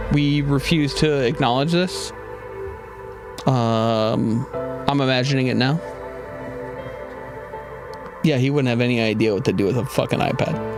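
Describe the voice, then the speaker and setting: A man hosting a comedic call-in show, rambling through silly stories. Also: on the high side. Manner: rambling, playful storytelling. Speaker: host. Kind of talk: comedic talk show riffing. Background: music.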